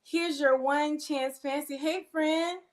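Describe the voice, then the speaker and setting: Lady on a livestream, kinda high voice, talks slow, calls everyone friend and baby. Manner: greets viewers by name, affectionate and excitable. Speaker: livestream host. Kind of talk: casual livestream chat.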